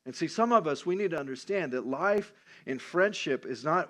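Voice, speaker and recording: Man preaching a lively sermon. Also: on the high side, moderate pace. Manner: lively, conversational storytelling. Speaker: pastor.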